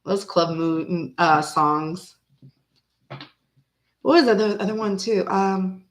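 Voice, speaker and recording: A woman hosting a tarot reading from home, chatting casually and rambling, who breaks into snippets of old songs and talks softly to her cat. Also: mid-range voice, unhurried, long pauses. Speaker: tarot reader and channel host. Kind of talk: casual chat on a live reading.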